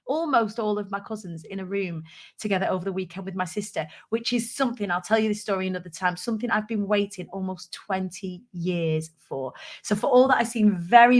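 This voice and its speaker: Middle-aged woman vlogger, rambling chat to a webcam, mid-pitched voice. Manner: chatty, warm-hearted, rambling with fillers. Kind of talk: casual chat to camera. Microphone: computer webcam.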